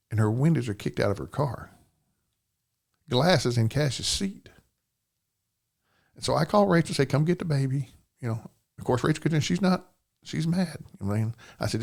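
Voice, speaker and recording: A man's voice: mid-range voice, vocal fry, a little mellow. An older man, a podcast guest telling a personal story in plain, rambling speech, often asking "you know what I'm saying".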